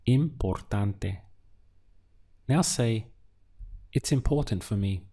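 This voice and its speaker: A man teaching a beginner language lesson, drilling words syllable by syllable with patient pauses. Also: on the low side, lively intonation, mellow. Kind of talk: slow, deliberate language lesson.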